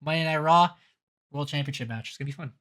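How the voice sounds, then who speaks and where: A man co-hosting a podcast, recapping shows in a quick, casual way and acting out lines. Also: a little high, pushed and bright. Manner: quick, acts out quoted lines. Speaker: podcast co-host.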